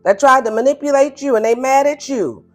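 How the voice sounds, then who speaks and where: A fairly high-voiced woman gives a casual tarot reading, blunt and animated, laughing and acting out her listener's answers. Faint music plays behind her. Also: a little fast. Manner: animated and blunt, voices the viewer's replies in higher playful tones, laughs often. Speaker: tarot reader.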